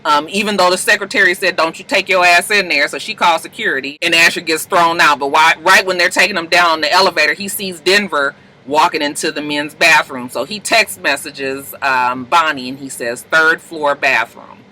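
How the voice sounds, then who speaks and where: Animated, profane woman recapping TV. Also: fairly quick, hardly any pauses, low-quality recording. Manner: animated, profane, acts out characters' lines in pitched-up voices. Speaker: TV recap vlogger. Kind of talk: casual TV episode recap.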